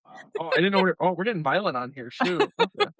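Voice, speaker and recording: Young guy on a podcast, animated and teasing, kinda high voice, dry sound. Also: quick pace, dry recording. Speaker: podcast co-host. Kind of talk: casual chat.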